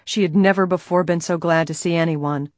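A woman narrating an audiobook in a steady, even storytelling manner. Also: lowish voice, brisk, no echo, studio quality. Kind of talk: scripted narration.

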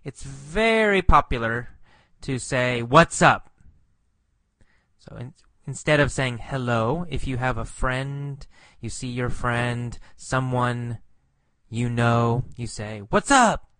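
Slow, patient male English teacher. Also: mid-range voice, a bit bright, no echo. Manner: patient, repeats words, explains meanings.

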